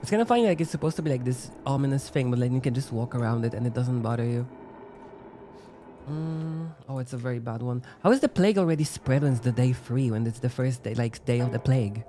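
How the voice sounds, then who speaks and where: A man's voice: medium pitch, fast talker, mellow, a little hiss or hum. A man giving casual gameplay commentary, thinking aloud and musing with lots of "like" fillers. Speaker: let's-play gamer.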